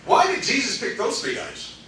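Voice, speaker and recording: A man preaching a sermon as pastor, animated and laughing often, swinging between loud exclamations and quiet storytelling. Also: very high voice, normal speed, a little hiss or hum. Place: church sanctuary. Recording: echoey church hall, mic from far off, congregation responding. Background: congregation calling out responses.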